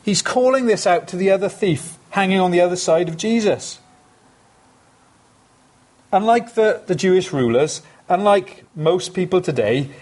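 Male preacher, husky voice, fairly high pitch, emphatic sermon delivery. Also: a little mellow. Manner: earnest, emphatic, repeats phrases for stress.

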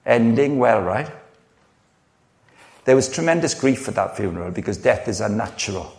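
A man's voice: lowish voice, animated, moderate pace, creaky, darkish tone. A middle-aged man preaching a sermon, earnest and conversational, telling personal stories with frequent restarts. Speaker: pastor.

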